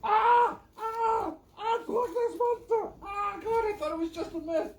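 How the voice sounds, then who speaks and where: A man's voice: mid-range voice, a little hiss or hum, lightly acted. A man with a Scottish accent impersonating an old-time Scottish music-hall singer, half-singing and drawing out his lines over an accordion. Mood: panicked. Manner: half-sung, drawn-out music-hall recitation. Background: loud accordion music.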